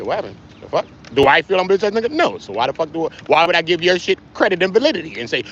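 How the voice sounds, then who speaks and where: A man hosting a casual livestream, talking straight to his chat in slangy, animated speech. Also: a little high, racing, few pauses, muffled recording, slight background noise. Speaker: livestream host.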